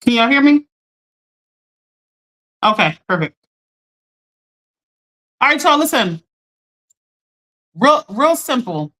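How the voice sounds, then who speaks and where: A woman with a somewhat high voice hosts a casual coaching livestream from her phone. She talks straight to her viewers in a chatty, direct way and keeps checking in with them. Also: sing-song, takes it slowly, pauses often, a bit bright. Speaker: life coach hosting a livestream.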